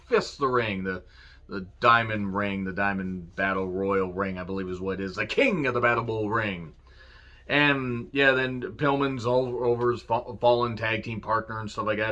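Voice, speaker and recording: A man giving a casual solo review of a wrestling show, cursing freely, laughing and quoting promo lines with excitement. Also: mid-range voice, muffled recording. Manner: profane, enthusiastic, laughs and quotes lines.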